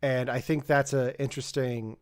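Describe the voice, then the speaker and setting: A man's voice: mid-range voice, normal speed, clear, resonant tone. A man co-hosting a film podcast, talking in a loose, rambling way with frequent restarts. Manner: rambling, self-correcting, animated asides. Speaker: podcast co-host. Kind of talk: casual chat.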